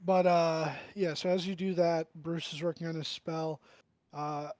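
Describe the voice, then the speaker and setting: Unhurried, halting game master man. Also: fairly high pitch, flat delivery, a little mellow, dry recording. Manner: halting, full of ums and throat-clearing. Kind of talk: narrating a tabletop game.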